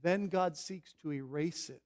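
A man with a notably high speaking voice preaches a sermon from the pulpit. He swings between loud, pressing emphasis and hushed asides, sometimes drifting away from the mic. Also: unhurried. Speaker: pastor.

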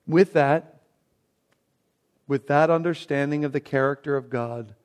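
A man preaching a Bible sermon, dropping to a hushed, reverent tone and then rising into emphatic, repeated phrases. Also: a little high, slow. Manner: swings between hushed reverent passages and raised emphatic bursts; repeats words when building a point. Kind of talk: expository sermon.

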